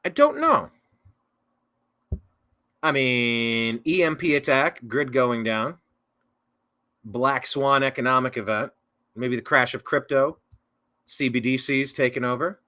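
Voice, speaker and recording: A male political talk show host with a bright, forceful voice. He rambles casually through viewer comments, and he keeps correcting himself with mocking sarcastic asides. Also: medium pitch, expressive, slow, long pauses.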